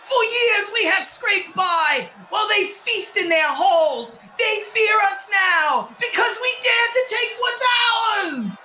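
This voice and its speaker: A man voicing an angry male rebel shouting defiance from a mob. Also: very high-pitched, expressive, slow, few pauses, echoey room, a little hiss or hum, pitched above the performer's own voice, heavily acted. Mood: defiant.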